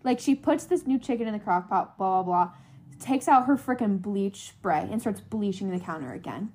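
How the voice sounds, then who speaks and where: A woman's voice: medium pitch, animated, moderate pace, a little mellow, husky. A young woman co-hosting a podcast, telling a funny story in casual chat and laughing often. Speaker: podcast co-host.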